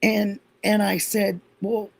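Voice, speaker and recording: Livestream host, woman; husky, gravelly delivery, animated storyteller. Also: low voice, measured pace, no room sound. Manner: animated storyteller, quotes others. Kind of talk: casual storytelling chat.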